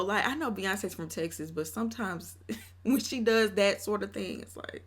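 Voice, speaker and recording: Woman, casual commentary host, chatty and opinionated, mid pitch. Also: moderate pace. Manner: chatty and opinionated, laughs often. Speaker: commentary vlogger.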